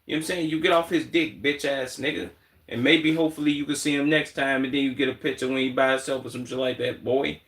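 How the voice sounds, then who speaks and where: Man from Chicago, mid pitch, blunt and profane; off-mic streaming commentary. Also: steady tone, quick pace, a bit bright, far from the mic. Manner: blunt, profane, repeats words, emphatic asides. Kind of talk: live reaction commentary.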